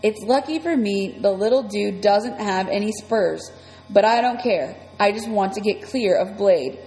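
A woman reading a first-person children's story aloud in a lively, breathless way. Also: medium pitch, a little slow. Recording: long reverb, faint music.

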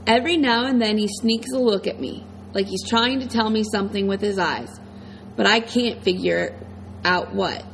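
A woman reading a first-person audiobook in a steady, plain storytelling manner. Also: mid-range voice, normal speed, vocal fry, slight background noise, low-quality recording. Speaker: audiobook narrator.

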